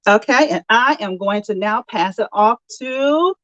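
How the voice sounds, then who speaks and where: A woman's voice: a little high, lively intonation, measured pace, a bit bright, no echo, muffled recording. A woman giving a chatty, encouraging makeup tutorial over a video call. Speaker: makeup consultant.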